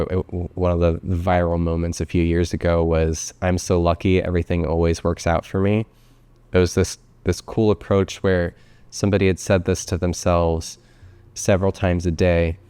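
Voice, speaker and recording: Low-voiced male therapist explaining. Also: mellow, smooth. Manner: measured, explains with parables, repeats words. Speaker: psychotherapist. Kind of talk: psychoeducational talk.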